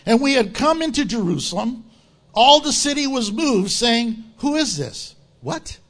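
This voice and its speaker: A male pastor preaching a sermon, reading scripture aloud and acting out crowd voices in an animated way. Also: extremely high pitch, normal speed.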